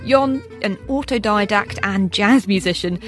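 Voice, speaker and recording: A woman's voice: mid-range voice, measured pace. A female presenter narrating a documentary and interviewing guests, curious and lightly humorous. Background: music.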